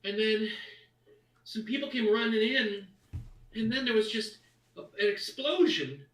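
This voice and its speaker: A man's voice: high-pitched, a little slow, a bit bright, echoey room, far from the mic, voice pushed up, rough recording. A man voicing a scared young halfling boy who stammers and dodges questions. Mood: evasive. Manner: frightened, stammering.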